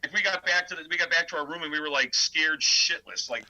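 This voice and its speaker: A man's voice: fairly high pitch, fast, rough recording. A man from the American Midwest, a death metal vocalist and guitarist, telling rambling stories as a podcast guest. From Midwest United States. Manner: animated, rambling, many filler words. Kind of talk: casual storytelling interview.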